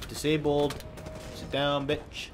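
A man's voice: on the high side, slow. A young man casually chatting and swearing while playing an online shooter with friends, often laughing. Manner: excitable, swearing, laughing banter. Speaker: gaming channel host. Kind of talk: casual multiplayer gaming chat. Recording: noisy game audio behind voice.

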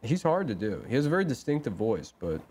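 A man co-hosting a comedy podcast, trading teasing, deadpan jabs in casual banter. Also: medium pitch, quick pace, husky. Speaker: podcast co-host.

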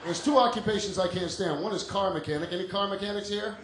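Brash male stand-up comic roasting the crowd, highish voice, echoey noisy club recording. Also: quick pace. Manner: brash, profane, teasing audience members. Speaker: stand-up comedian. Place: comedy club stage with laughing audience.

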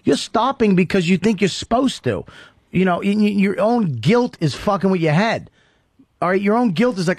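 A man hosting a late-night radio talk show, crude and animated, often acting out quotes. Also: high-pitched, normal speed, no echo, clean studio sound. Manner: animated and profane, quotes people in voices. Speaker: host.

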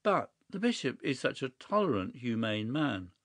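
A man's voice: medium pitch, sing-song, normal speed, no room sound, natural voice. A man reading a story aloud, voicing a flustered, indignant middle-aged country squire who protests in alarm. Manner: agitated, protesting, stammering.

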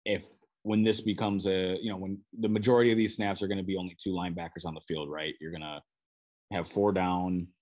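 Deep-voiced Minnesotan man breaking down football. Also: little pitch movement, a little fast, a little mellow. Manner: conversational, with frequent restarts and "you know". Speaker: sports beat writer and podcast host. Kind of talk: solo sports podcast analysis.

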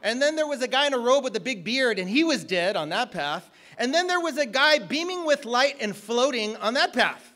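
Male preacher, very high pitch, bright forceful tone, energetic and joking delivery. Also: normal speed, hardly any pauses. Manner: energetic, joking, shouts at peaks. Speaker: guest preacher. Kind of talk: sermon.

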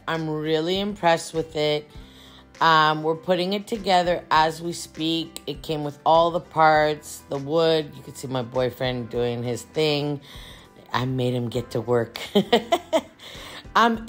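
A middle-aged woman, chatting casually to camera in an animated way, laughing often and restarting her sentences. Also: low voice. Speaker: home decor vlogger. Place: home bedroom.

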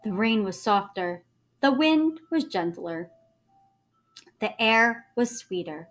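A woman teacher reading a children's book aloud to her students, expressive and animated, checking in with them along the way. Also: mid-range voice, measured pace, faint music behind.

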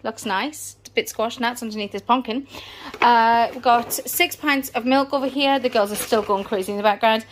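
A mother whose voice sits on the high side chats casually at a moderate pace while unpacking her grocery haul one item at a time, a bit out of breath. The indoor home vlog has slight background noise.

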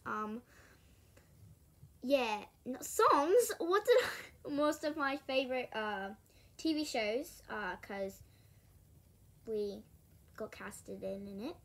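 A girl doing a halting British-accented impression of a young actress, with lots of ums and giggles. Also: fairly high pitch. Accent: British, put on.

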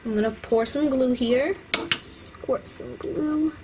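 A woman's voice: high voice, takes it slowly, background noise. A woman voicing an encouraging art teacher praising toddlers in a toy-doll play video. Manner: coaxing, praising.

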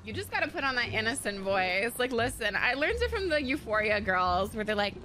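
Woman, high and lively; laid-back, giggly streamer chatting during a game. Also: fairly quick, faint music behind. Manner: giggly, easygoing. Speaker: roleplay streamer. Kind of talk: casual game chat.

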